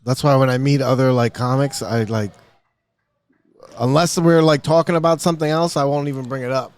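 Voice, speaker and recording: A man's voice: mid-range voice, fairly even intonation, fairly quick, a little mellow. A man hosting a podcast in casual chat, laid-back, mostly giving brief agreeing replies. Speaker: podcast host.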